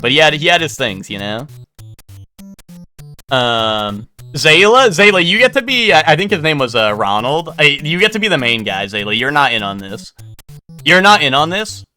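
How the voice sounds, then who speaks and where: A man's voice: fairly high pitch, sharp tone. A man streaming live, chatting casually and telling a rambling story full of fillers and restarts. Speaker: livestreamer. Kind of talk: casual livestream chat.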